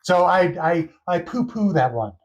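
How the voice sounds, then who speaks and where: A man's voice: high voice, big pitch swings, normal speed. A man in his forties co-hosting a podcast, laid-back and blunt, agreeing easily. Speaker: podcast co-host. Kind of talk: casual podcast chat.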